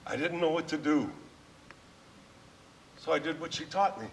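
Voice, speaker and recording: Man, stage monologue, heartfelt storytelling, chuckles, gravelly voice, distant mic. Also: fairly high pitch, moderate pace, slight background noise. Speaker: veteran performing his own monologue. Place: theater stage. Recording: distant stage recording, faint ambience.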